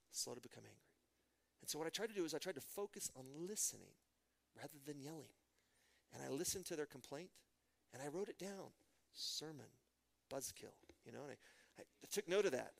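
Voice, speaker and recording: A middle-aged man from Texas, preaching a sermon as a pastor and telling stories with animated rhetorical questions. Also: on the high side, fairly quick, gravelly. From Midland, Texas.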